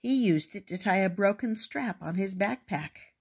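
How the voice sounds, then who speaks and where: Husky-voiced grandma reading aloud. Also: female voice, mid-range voice, lively intonation, moderate pace. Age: older. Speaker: storyteller. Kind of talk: reading a children's picture book aloud.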